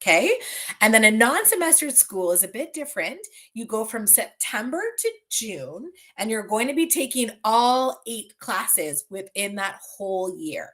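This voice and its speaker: A woman's voice: fairly high pitch, big pitch swings, moderate pace, bright, forceful tone. A woman with a Canadian English accent, a school board facilitator giving a friendly, chatty presentation on a video call, with many fillers and restarts. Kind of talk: virtual information session presentation.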